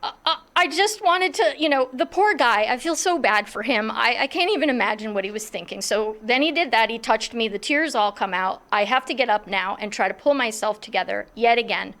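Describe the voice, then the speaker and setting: A middle-aged woman telling a personal story in a lively, self-mocking way, acting out what others were thinking. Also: on the high side, brisk, hardly any pauses. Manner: animated, self-mocking, acts out others' thoughts.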